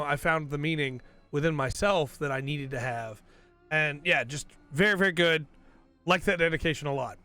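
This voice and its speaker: Male podcast host, enthusiastic and rambling, slightly high, bright voice, voice worn down. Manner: rambling, enthusiastic, self-correcting. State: losing his voice. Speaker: podcast host reviewing episodes. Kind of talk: casual review commentary.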